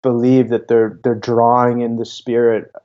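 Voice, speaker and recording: A young man, a guest chatting casually and halting with frequent restarts. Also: mid-range voice, level tone. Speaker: guest, YouTuber. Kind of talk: casual interview talk. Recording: dull lo-fi audio.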